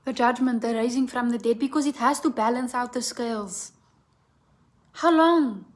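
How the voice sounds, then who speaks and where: High-voiced woman in a blunt tarot rant. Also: normal speed. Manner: blunt, profane, repeats "right?". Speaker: tarot reader. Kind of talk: impassioned tarot reading rant.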